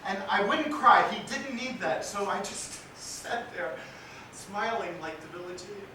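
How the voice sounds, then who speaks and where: A young actor as a grief-stricken young man speaking a stage monologue in a high voice and slow, halting phrases. His lines break into repetitions and swell toward shouting. He is heard from far off in an echoey theatre with noise underneath. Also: animated. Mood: anguished.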